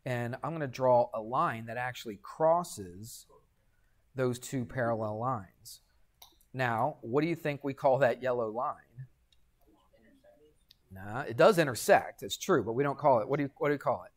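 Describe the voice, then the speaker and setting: An unhurried, mid-range voice belongs to a middle-aged man teaching high school math in a classroom lecture. He asks the students questions and answers them on his own, with the occasional joke on the side.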